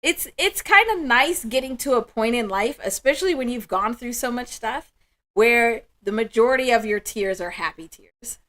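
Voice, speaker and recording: A woman's voice: fairly high pitch, expressive. A woman hosting a spiritual livestream, chatting with viewers in an emotional, affirming way. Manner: warm, emotional, affirming, slow and soft-spoken. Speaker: livestream host.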